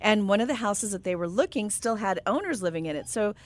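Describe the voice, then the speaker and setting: A middle-aged woman co-hosting a radio show, reading listener posts and telling stories in an animated way with frequent laughter. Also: medium pitch, brisk. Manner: animated storyteller, laughs often.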